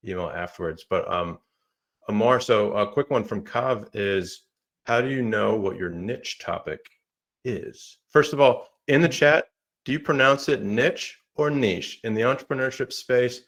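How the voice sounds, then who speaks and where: A man's voice: on the low side, normal speed, fairly bright tone. A man moderating a live online Q&A on a video call, reading out audience questions in a friendly, upbeat way. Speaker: moderator and publication founder.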